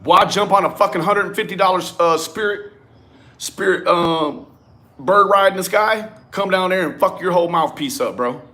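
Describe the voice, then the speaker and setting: High-pitched man ranting with twang. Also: moderate pace. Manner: animated, swearing, talks straight at viewers. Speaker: commentary vlogger. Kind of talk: profane ranting commentary.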